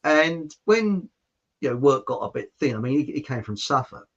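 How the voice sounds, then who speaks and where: A man's voice: mid-range voice, expressive, normal speed, highs cut off. An English man hosting a casual podcast chat, telling rambling anecdotes and laughing often. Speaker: podcast host.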